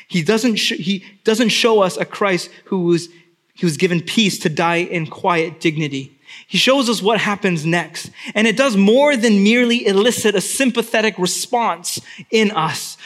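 A man delivers a sermon in a notably high voice. He preaches with emphasis and drives his points home by repeating key phrases. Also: a bit bright. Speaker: pastor.

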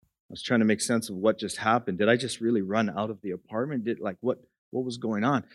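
A man preaching a sermon, moving from quiet storytelling into an impassioned climax. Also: on the low side, a little fast, dry recording, clean studio sound. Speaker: pastor.

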